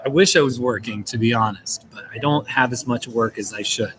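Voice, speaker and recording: A man's voice: medium pitch, fairly quick, crowd noise, rough recording. A man chatting casually on a live stream from a coffee shop, greeting viewers by name in a playful, chuckling way.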